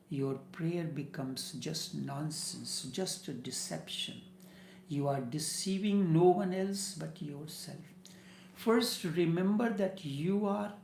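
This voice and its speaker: A man delivers a meditative spiritual discourse at a very unhurried pace. His measured phrases often fall to a soft whisper on key words. The voice carries a roomy echo. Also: a little high, vocal fry, slight background noise. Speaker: spiritual teacher. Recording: echoey room.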